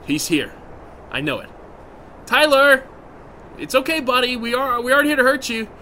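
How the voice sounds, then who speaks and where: A man voicing a high-strung young man who talks in an exasperated, excitable, snappy way in a comedy skit. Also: normal speed, slight background noise, heavily acted. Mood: urgent.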